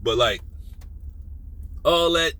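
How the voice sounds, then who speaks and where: Male sports host, blunt and profane, bright forceful tone. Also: very slow, rough recording. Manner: blunt, profane, animated, drops to a low menacing tone. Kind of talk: casual opinion rant.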